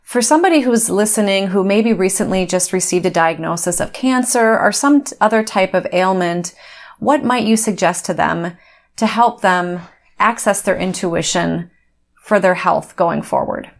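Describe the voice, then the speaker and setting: A woman's voice: mid-range voice, normal speed. Woman interviewer asking a careful question.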